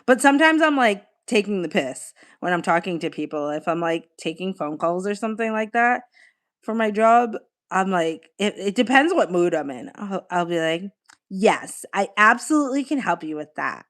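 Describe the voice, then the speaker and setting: A woman's voice: mid-range voice, lively intonation, normal speed. A young woman, chatting casually with viewers on a live stream, laughing often and swearing now and then. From Australia.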